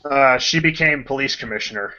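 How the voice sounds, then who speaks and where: A man co-hosting a casual podcast chat, talking with enthusiasm and acting out scenes in quick voices. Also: mid-range voice, sharp tone. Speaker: podcast co-host. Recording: dull lo-fi podcast audio.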